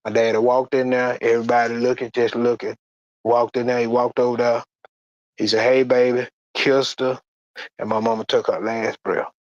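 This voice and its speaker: Man, personal testimony, halting and plain-spoken, mid-pitched voice, dry muffled recording. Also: flat delivery, dry recording. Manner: halting, plain-spoken, repeats words and restarts. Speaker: guest sharing a church testimony.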